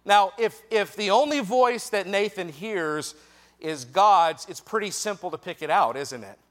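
A man preaching a sermon to a youth group, lively and jokey with quick asides, speaking straight to the young listeners. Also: sits high. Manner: directly addresses young listeners.

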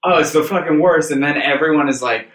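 A man's voice: fairly high pitch, quick pace, a bit bright. A man who is a stand-up comic guest, chatting casually, blunt and profane, laughing often. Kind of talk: casual chat. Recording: roomy echo.

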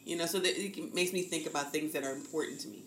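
A woman's voice: low voice, fast talker. A woman in her fifties from the American South, speaking candidly as a podcast guest and acting out the voices she quotes. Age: 50s. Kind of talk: reflective conversation. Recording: echoey room with faint noise.

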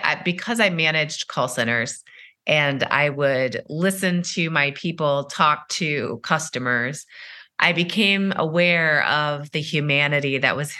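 A middle-aged woman, a company founder, giving measured, explanatory answers in a podcast interview, with many "uh"s and "you know"s. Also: deep voice, pushed and bright.

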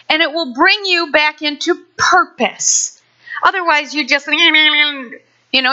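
Woman pastor, sermon. Bright, slightly high voice, conversational and playful; muffled lo-fi recording. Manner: lively, conversational preaching with playful asides. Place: church sanctuary.

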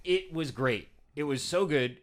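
A man co-hosting a casual film podcast, chatty and enthusiastic as he pitches this week's screenings. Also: lively intonation, unhurried. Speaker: podcast co-host, cinema programmer. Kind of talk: casual chat.

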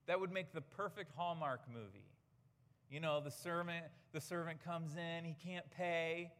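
A pastor delivers a sermon, pressing his points with earnest, emphatic rhetorical questions. His voice sits a little high for a man. The sound rings with the long reverb of a church hall. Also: unhurried, fairly bright tone.

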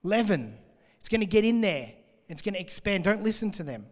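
A man preaching in a big hall, his voice trailing off in a long reverb. He speaks a little higher than most men and keeps a lively, conversational style as he explains scripture. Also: fairly quick. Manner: conversational and animated, laughing between points. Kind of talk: sermon, reading and explaining scripture.

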